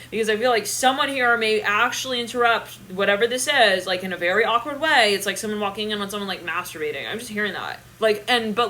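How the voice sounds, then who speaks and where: A young woman giving a live tarot reading, animated and thinking aloud, with bursts of laughter and swearing. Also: mid-range voice, a little hiss or hum. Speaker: tarot reader.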